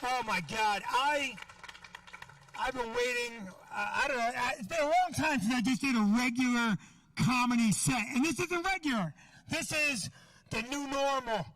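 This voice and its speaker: A man doing a stand-up comedy set outdoors, loud and ranting, shouting his punchlines. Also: extremely high pitch, normal speed, no room sound, distant mic, low-quality recording. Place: outdoor parking lot show.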